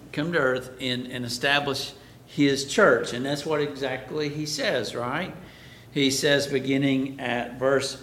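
A man's voice: creaky, a bit bright. A man preaching a Bible class sermon, who asks the class questions and then answers them himself. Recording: echoey room, faint background rumble.

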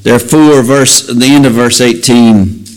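Slow, earnest male preacher. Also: mid-range voice, fairly even intonation, low-quality recording. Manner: earnest, builds to emphatic raised passages. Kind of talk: sermon with scripture reading.

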